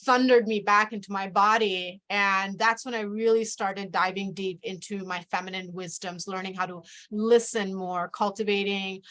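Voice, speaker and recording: A woman speaks slowly and reflectively on a video call, circling back and restarting her phrases as she explains her spiritual work. Her voice sits at an ordinary pitch and has a casual, conversational tone. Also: fairly even intonation, bright, forceful tone. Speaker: guest, spiritual mentor.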